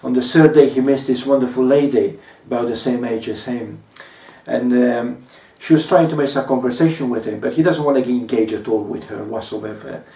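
A man preaching a sermon as pastor, telling stories in a measured way with frequent pauses and fillers. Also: medium pitch, warm tone, reverberant, distant mic.

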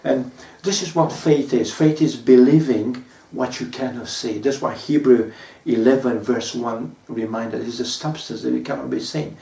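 A man preaching a sermon in a mellow, darker voice, pausing often and filling gaps as he tells stories. The sound is roomy and echoes, and he stands back from the mic. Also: mid-range voice, creaky, recorded from a distance. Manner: measured, warm storytelling with frequent pauses and fillers. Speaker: pastor.

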